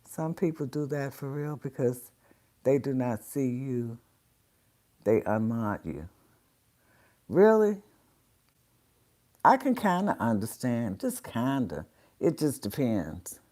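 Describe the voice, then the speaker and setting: Her bass voice has a dark tone as she hosts a relaxed livestream. Chatty and talking straight to her viewers, she greets them by name, sounding a little congested through her sinuses.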